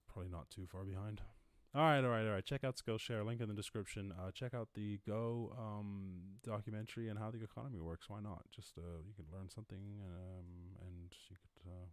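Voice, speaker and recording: A man's voice: on the low side, no room sound. A man hosting his own live stream from home, freestyling loose, profane, rambling rhymes and then signing off in a casual, self-mocking way. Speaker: podcast host. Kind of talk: freestyle rap over a beat, then casual sign-off. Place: home during lockdown. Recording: loud music bed behind the voice. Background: loud instrumental beat.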